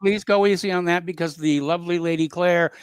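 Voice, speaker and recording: A male talk radio host answers a caller with short replies and dry humor. His voice sits a little high. The sound is dry and close to the mic. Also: fairly even intonation, a little fast, smooth, dry recording. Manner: brief affirmations, dry humor.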